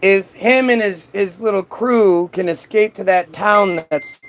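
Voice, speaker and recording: A smarmy, overeager male angel with a bright salesman's pitch, as a comedian puts him on. He climbs up high and gushes like a door-to-door seller closing a deal. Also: measured pace, soft background music. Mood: wheedling.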